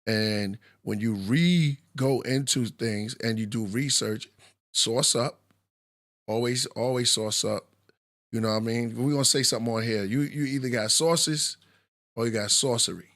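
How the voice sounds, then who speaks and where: A man's voice: medium pitch, moderate pace, a bit bright. A man hosting a live podcast with a New York accent, talking in a loose, reflective way with many fillers. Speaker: podcast host. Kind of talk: casual live podcast talk.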